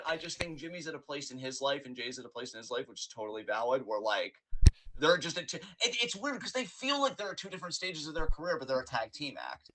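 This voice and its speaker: Bright, animated male podcast co-host. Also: fairly high pitch, rough recording. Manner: animated, acts out quotes in character voices. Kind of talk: casual chat. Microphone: remote call mic.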